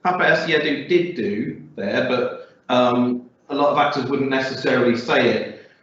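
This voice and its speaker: A man's voice: mid-range voice, normal speed, a bit bright. Male teacher, encouraging, lots of ums, far from the mic, very echoey room, dull sound. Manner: encouraging, questioning, with many fillers. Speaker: English teacher. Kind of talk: classroom lesson. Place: classroom.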